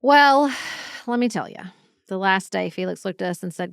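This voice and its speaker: A woman in her forties co-hosts a podcast and tells stories in a relaxed, chatty way. Her voice is smooth with a gravelly edge. The sound is dry and close. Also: mid-range voice, normal speed, no room sound. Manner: chatty storyteller, mimics people she met. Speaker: podcast co-host. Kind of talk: casual chat.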